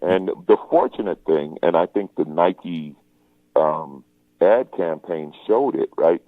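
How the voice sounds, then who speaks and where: Man, comedian guest, wry joking chat, very low voice, dry muffled recording. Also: lively intonation, slow pace, no echo. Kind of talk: casual interview chat.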